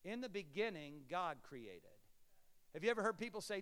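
A man preaching in a church sanctuary, his voice high and resonant with a long reverb trailing behind it. He swings from near-shouts down to quiet murmurs and slips in playful asides to the congregation. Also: lively intonation, normal speed, clear, resonant tone. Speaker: pastor. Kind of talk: sermon.

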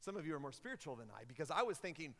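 A young man preaching a sermon, telling a story in an animated way and rising loud and high at the big moments. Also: very fast. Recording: long hall reverb.

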